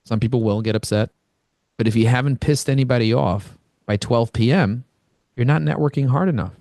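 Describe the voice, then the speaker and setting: A man from Brooklyn, New York, coaching an online group on a video call with blunt, energetic, conversational talk. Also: mid-range voice, fairly quick, gravelly, dry recording, clean studio sound. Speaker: networking coach, host.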